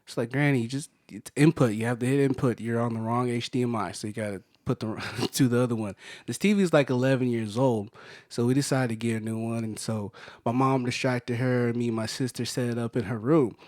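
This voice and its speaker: A man co-hosting a podcast, rambling excitedly and mimicking his family in high voices. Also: a little fast. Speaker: podcast co-host. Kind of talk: casual chat, storytelling.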